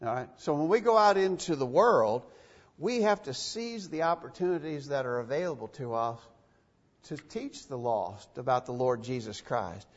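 A man's voice: mid-range voice, expressive, moderate pace. A man preaching a sermon in a church, emphatic and given to repeating phrases for stress. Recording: dull, echoey church recording.

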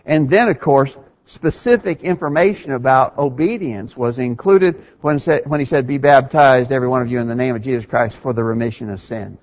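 A male preacher delivering a sermon, emphatic, his voice climbing higher and louder to drive points home. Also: a little fast. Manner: emphatic, rises in pitch and volume for stress. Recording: dull lo-fi recording.

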